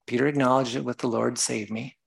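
Gravelly-voiced male preacher. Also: medium pitch, steady tone, fairly quick, rough recording. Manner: reads scripture aloud and explains it, with self-corrections. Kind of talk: sermon.

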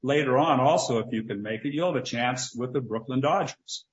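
A man voicing a forceful male baseball executive who presses a young player with confrontational questions, in a roomy recording. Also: mid-range voice, a little fast, slight background noise, natural voice. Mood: probing. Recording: roomy, slightly dull recording.

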